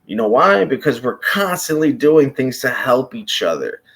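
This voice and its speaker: A man's voice: mid-range voice, very animated, normal speed, a bit bright, husky. A man from Chicago delivering an unscripted, impassioned monologue, blunt and profane, often breaking off and restarting his sentences. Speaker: commentator.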